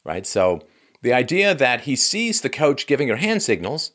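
A man hosting an opinion show, recounting events in a sarcastic, conversational way and dropping his voice low for wry asides. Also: big pitch swings, moderate pace, fairly bright tone. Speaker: podcast host. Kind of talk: opinion commentary.

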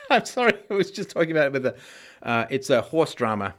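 A male host with an expressive, trained voice, answering viewer comments in a live-stream Q&A with a conversational manner and halting restarts. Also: fairly high pitch.

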